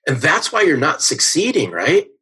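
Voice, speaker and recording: A man's voice: on the high side, wildly swooping pitch, moderate pace, pushed and bright, husky, rough recording. A middle-aged man, a sales coach guest on a podcast, telling stories with energy and emphasis and often asking "right?". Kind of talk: podcast interview storytelling.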